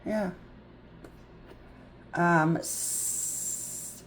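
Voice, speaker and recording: A woman tutor teaching a phonics lesson, sounding out words slowly and thinking aloud in a chatty way. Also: medium pitch. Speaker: reading tutor.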